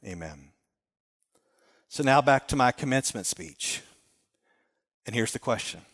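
A middle-aged man preaching a sermon, earnest and storytelling, circling back on his phrases. His voice sits at an ordinary pitch and carries a long reverb from a large hall. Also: lively intonation, a little slow, fairly bright tone. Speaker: pastor.

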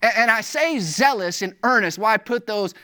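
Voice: animated, moderate pace, clean tone. Emphatic preacher with repeated phrases. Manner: wide swings in pitch and loudness for emphasis. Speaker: pastor. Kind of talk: sermon.

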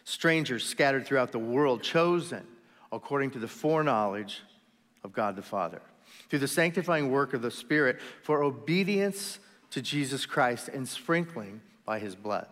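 A man gives a sermon as pastor, retelling the story in a loose, conversational way and tossing in quick voices along the way. His voice sits at an ordinary middle pitch. The sound carries a long reverb from a large hall. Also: animated, a bit bright. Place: church sanctuary.

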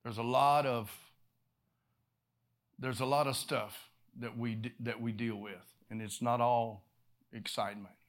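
A man preaching a sermon, telling a story with bursts of laughter, repeated words, and swings from loud to hushed. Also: medium pitch, fairly even intonation, a little slow, pauses often.

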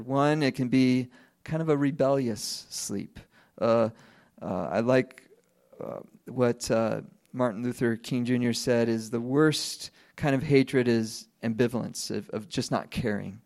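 A man's voice: medium pitch, a little mellow. A man in his thirties preaching a sermon in a conversational way, asking the listeners questions and laughing lightly now and then. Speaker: pastor.

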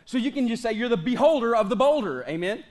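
A pastor in his late thirties with a very high voice for a man delivers an energetic sermon. He slows right down to stretch out key phrases, then speeds up and jokes with his congregation. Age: late 30s. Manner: energetic preaching, slows for drawn-out emphatic lines, jokes with the congregation.

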